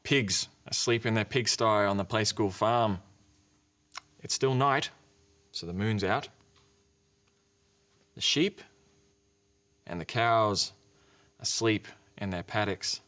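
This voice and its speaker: A man with an Australian accent, presenting a children's TV show, narrating clearly and playfully for young children. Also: on the low side, slow, long pauses, fairly bright tone. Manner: clear, simple and playful, makes animal and car noises. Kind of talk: slow, gentle storytelling narration for young children.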